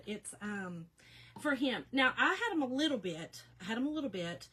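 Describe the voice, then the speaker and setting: A woman in her fifties, a little hoarse, chatting casually with viewers by name during a crafting live stream. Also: on the high side, big pitch swings, moderate pace, fairly bright tone. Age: 50s. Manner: chatty, talks to viewers by name, laughs often. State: slightly hoarse, recovering.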